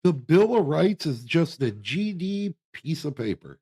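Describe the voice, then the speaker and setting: Gravelly, fairly high-voiced blunt man. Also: sing-song, unhurried, dark tone. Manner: blunt, folksy, emphatic. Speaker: podcast co-host. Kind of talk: casual chat.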